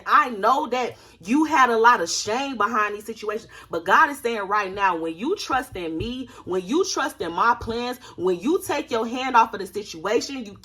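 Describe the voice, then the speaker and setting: A woman's voice: a little high, bright, forceful tone, breathy edge. A woman preaching a fervent prophetic word, repeating phrases and crying out "ooh" and "my God".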